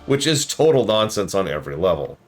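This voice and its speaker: A man giving casual live-stream commentary, sarcastic and ranting. His voice is low but swings widely in pitch. Faint music plays underneath. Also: sing-song, fairly quick. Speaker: streamer reviewing a game.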